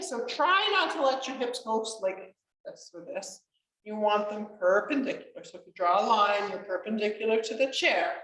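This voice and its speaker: A woman's voice: a little high, a bit bright. Chatty woman leading a chair yoga class. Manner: encouraging, chatty, laughs often. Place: community class room. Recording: echoey room, voice from far off mic.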